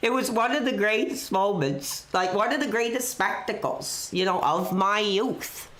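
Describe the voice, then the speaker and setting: A woman hosting a live wrestling stream, talking off the cuff with constant "you know" fillers. Her pitch sits in an ordinary middle range. The sound is roomy, with a noticeable echo around her. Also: animated, measured pace, fairly bright tone. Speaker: live wrestling show host.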